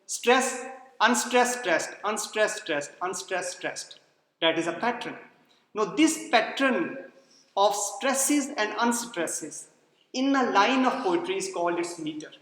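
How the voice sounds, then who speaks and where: A man's voice: high voice, expressive, unhurried, a bit bright. A man giving a lecture, explaining step by step and posing questions to the class before answering them himself. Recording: echoey roomy hall sound.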